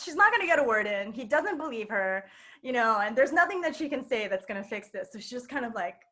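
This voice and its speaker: A woman's voice: fairly high pitch, sharp tone. A woman telling a personal story at a live storytelling night, chatty and full of fillers and laughter. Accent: New York. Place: queer bookstore event space.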